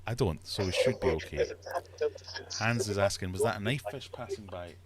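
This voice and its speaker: A man's voice: lowish voice, animated, moderate pace, very noisy. A man from Scotland hosting a casual livestream, chatty and jokey as he reads out viewer comments. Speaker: livestream host.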